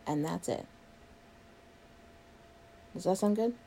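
A woman's voice: lowish voice, slow, gravelly, warm tone, slight background noise. A young woman in a one-sided role-play, playing a sarcastic, exasperated coworker who swears a lot. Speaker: coworker doing a project with the listener.

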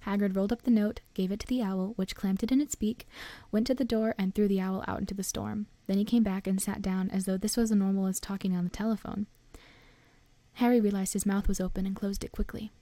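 A woman reads a storybook aloud in a steady, even storytelling manner. Her voice is mellow and warm, with a close, dry sound and no room around it. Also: medium pitch, brisk, no room sound. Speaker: narrator. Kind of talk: audiobook narration.

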